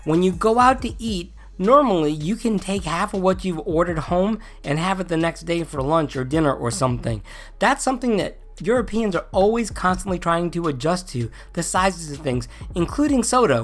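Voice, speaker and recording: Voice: medium pitch, expressive, normal speed. A video host from New England who speaks in a neutral General American accent, having mostly dropped the native one, giving a casual explainer with wry, joking asides.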